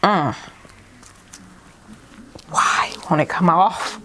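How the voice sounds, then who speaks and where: A woman's voice: lowish voice, lively intonation, a little slow, pauses often, a little hiss or hum. A young woman vlogging at home, nervous and exclaiming as she talks through the steps, often saying "y'all". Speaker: beauty vlogger. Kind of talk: casual vlog narration.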